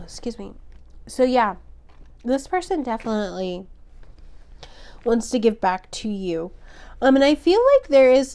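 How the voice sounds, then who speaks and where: Slow, gentle tarot reader woman. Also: a little high. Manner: gentle, emotional, rambling with many fillers. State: losing her voice a little. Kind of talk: pick-a-card tarot reading.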